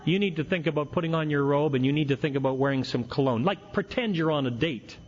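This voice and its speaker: A man's voice: fairly high pitch, quick pace, lightly acted. A man doing a blunt old AA old-timer. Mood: lecturing. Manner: blunt, lecturing, bossy. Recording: dull lo-fi recording with faint hiss.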